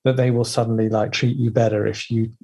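A man teaching an online workshop in a playful, animated way, slipping into the voices of people's inner critics. His voice is dark and mellow, with a husky edge. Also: mid-range voice, fairly quick.

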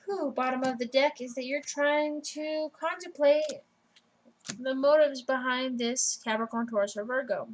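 A woman's voice: high voice, a little slow, slight background noise, rough recording. Blunt, casual woman reading tarot. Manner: casual, blunt, swears freely. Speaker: tarot reader.

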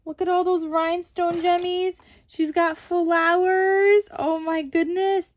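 Woman, high voice, crafting vlog host, gushing, exclaims a lot. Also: level tone, slow pace, hardly any pauses. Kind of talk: unboxing vlog.

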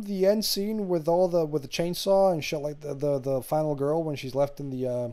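A man in casual podcast chat retells a goofy film scene by scene. His voice is mellow and dark, and his telling is loose and rambling. He swears freely and laughs along with his own story. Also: on the high side, moderate pace. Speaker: podcast co-host.

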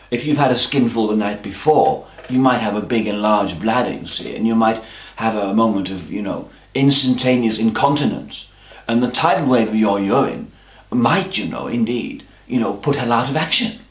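A man's voice: mid-range voice, moderate pace, roomy sound. A man telling a long-winded, pompous comic story, forever adding little asides. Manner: long-winded, pompous, constantly adding "you see" and "you know". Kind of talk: rambling comic monologue.

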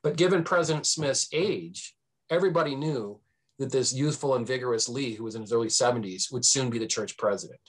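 Male podcast guest, history professor; husky timbre, animated storytelling delivery, filler-heavy. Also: fairly quick. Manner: animated, swings pitch for emphasis; frequent fillers and restarts. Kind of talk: conversational storytelling.

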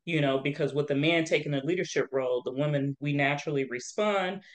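A woman's voice: deep voice, brisk. A woman hosting a casual faith-based interview, speaking over a video call. She is chatty and conversational, slipping into small preachy asides and leaning on "you know" as she goes. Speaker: podcast host.

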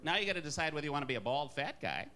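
A man from Wisconsin doing a wry, self-deprecating stand-up comedy set, jumping into high put-on voices for characters. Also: big pitch swings, rapid-fire, bright, forceful tone, slight background noise.

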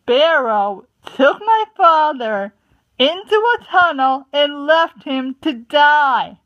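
A woman's voice: high voice, very animated, a little slow, no room sound, voice pushed up. A woman voicing a bitter, snappish young male apprentice cat in a fan storybook reading, on a muffled lo-fi recording.

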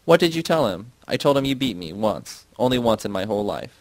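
A man reading the part of a devoted young daughter who speaks softly and pleads. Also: on the low side, big pitch swings, brisk, no echo. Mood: pleading.

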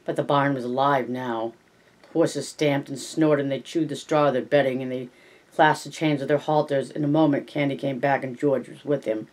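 A man reading a novel aloud at an unhurried pace, now and then correcting himself and adding asides. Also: medium pitch, fairly even intonation. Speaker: reader.

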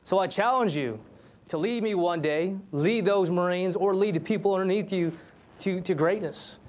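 A man's voice: sits high, normal speed, a little mellow, muffled recording. An American man, a Marine on a panel, exhorting future leaders in an earnest, motivational way.

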